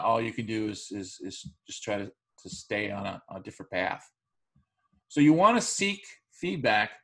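A male college instructor giving a recorded online lecture, speaking in a measured way with frequent fillers and restarts. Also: medium pitch, a bit bright.

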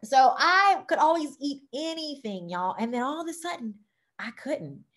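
A Southern-accented woman from Louisiana who gives an excitable, chatty talk about wellness products, peppering it with y'all and okay. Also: high voice, moderate pace. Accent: Southern American. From Louisiana, United States. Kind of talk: casual product talk to camera.

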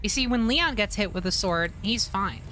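Jumpy, bright-voiced woman streamer. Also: medium pitch, animated, normal speed, a little hiss or hum. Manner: jumpy, swears a lot, yells and laughs when startled. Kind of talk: live let's-play commentary.

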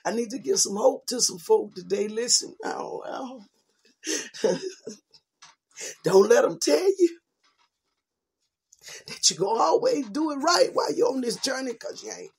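A woman's voice: fairly high pitch, lively intonation, unhurried, creaky, pauses often, darkish tone, slightly rough. A woman preacher giving an informal sermon, repeating her lines for emphasis and calling listeners sweetheart and baby.

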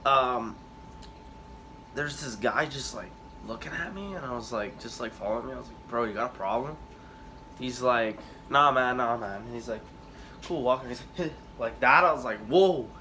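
A man's voice: medium pitch, bright, forceful tone, a little hiss or hum. A young man telling casual stories on his vlog, rambling and swearing, with lots of fillers and restarts. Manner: rambling, profane, halting with many fillers. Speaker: vlogger.

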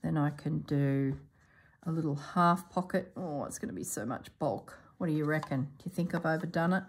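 A woman hosting a sewing vlog who thinks aloud as she works, musing to herself in a soft, half-whispered voice. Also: low-pitched, normal speed, husky. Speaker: sewing channel host.

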